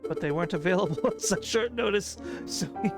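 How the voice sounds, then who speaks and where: A man voicing a naive young noble bird lady in a put-on French accent, talking in a high, girlish way. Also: animated, a little fast, loud music behind the voice. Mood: naive, chatty.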